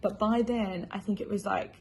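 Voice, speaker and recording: Young woman rambling through her story, lots of "like", bit of vocal fry, faint hum behind. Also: medium pitch, steady tone, moderate pace. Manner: chatty, filler-heavy, emotional. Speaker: new mother. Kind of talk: casual personal storytelling.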